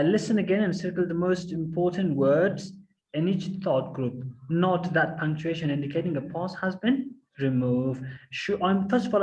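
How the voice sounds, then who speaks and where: A man's voice: sits high, darkish tone, muffled recording. A man teaching an online class, patient and repetitive, often asking whether the students follow. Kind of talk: online English lesson. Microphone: online class call.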